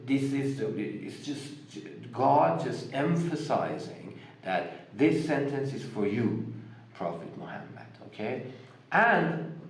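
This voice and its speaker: A man with a Persian accent and a medium-pitched voice gives a religious lecture explaining scripture, using lots of fillers and restarts while stressing key words. The recording is low quality in an echoey room.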